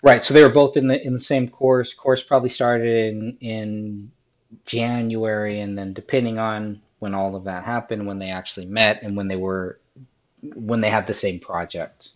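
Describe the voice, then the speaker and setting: A slightly hoarse man hosting a podcast, his voice sitting on the low side. He talks in a methodical, hesitant way, pausing often with ums as he works through his points. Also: steady tone, muffled recording. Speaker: podcast host. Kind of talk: casual podcast discussion.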